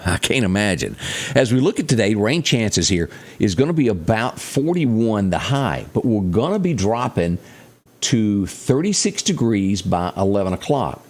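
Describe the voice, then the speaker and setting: A man with a Southern Mississippi accent walks viewers through the morning weather in a chatty, folksy way. His voice sits fairly low but swings up and down a lot as he talks. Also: sing-song, moderate pace. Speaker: weather presenter. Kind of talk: folksy local weather report.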